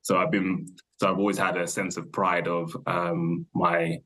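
A young man, a podcast guest thinking aloud in a relaxed, rambling way, full of fillers and self-corrections. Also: deep voice, unhurried, breathy edge. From London, England. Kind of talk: casual conversational interview.

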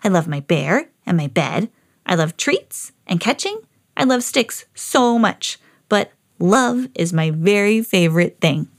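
A woman's voice: mid-range voice, a little slow. A woman reading a children's storybook aloud as a lovable, eager female pet dog. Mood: earnest. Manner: earnest storybook reading, rising excitedly.

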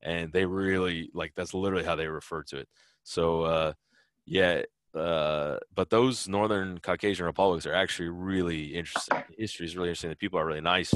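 A man's voice: sits low, fairly even intonation, brisk, a bit bright, no echo, studio quality. A man answering interview questions in a loose, rambling way, full of fillers and restarts. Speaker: interview guest, traveler. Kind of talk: casual conversational interview.

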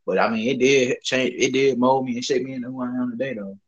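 Husky, laid-back profane young man. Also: medium pitch, fast talker, muffled recording. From Southern US. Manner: profane, laid-back, rambling with frequent fillers. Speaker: podcast co-host. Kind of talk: casual storytelling chat.

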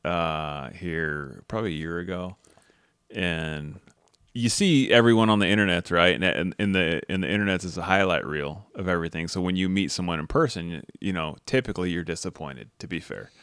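A low-pitched man chats on a podcast, rambling through self-mocking stories and blunt opinions. His voice sits close and dry, with no room around it. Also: a little fast, fairly bright tone, smooth, no room sound. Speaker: podcast co-host. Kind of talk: casual podcast chat.

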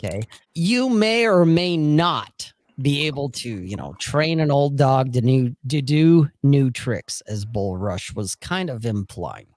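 A man's voice: medium pitch, sing-song, slow, darkish tone, no room sound. A man telling a personal story in casual podcast chat, blunt and profane, often checking in with "okay?".

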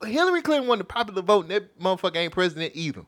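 A man's voice: sits high, sing-song, rapid-fire, fairly bright tone. A man co-hosting a casual, profane chat, emphatic and laughing often. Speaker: podcast co-host.

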